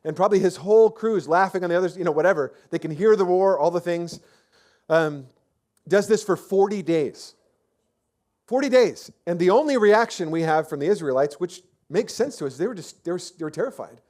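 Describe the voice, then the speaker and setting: His voice is high and darkish, and he talks fast. As a pastor, he gives a chatty, conversational sermon, restarting sentences and filling pauses as he tells the story.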